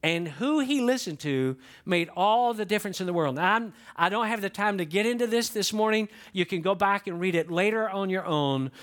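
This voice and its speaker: Emphatic high-voiced male pastor preaching. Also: normal speed, few pauses, a bit bright. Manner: emphatic, repeats key lines for the congregation. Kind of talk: sermon.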